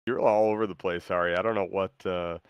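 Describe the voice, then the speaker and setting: A man with a very deep, smooth, resonant voice, hosting a stream and chatting casually. He talks hesitantly, stopping on fillers and restarting his sentences. The sound is close and dry. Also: fairly even intonation, fairly quick, no room sound. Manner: hesitant, lots of ums and restarts. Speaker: streamer host. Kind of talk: casual chat, reading viewer messages.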